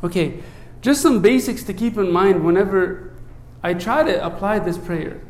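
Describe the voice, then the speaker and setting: A man who is a priest, preaching a sermon in an earnest way, often checking in with "right?" and dropping low and soft when he recites a prayer. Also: normal speed, roomy sound. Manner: earnest, asks many rhetorical "right?" checks.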